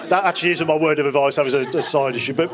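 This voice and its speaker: A man in his fifties giving a wedding speech in place of the bride's father, telling fond, joking stories with small restarts. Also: fairly high pitch. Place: wedding reception hall.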